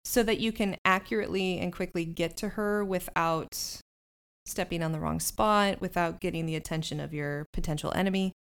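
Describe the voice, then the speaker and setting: A woman's voice: lowish voice, fairly even intonation, moderate pace, clear, resonant tone. A woman narrating a tabletop game as game master, describing scenes unhurriedly with fillers.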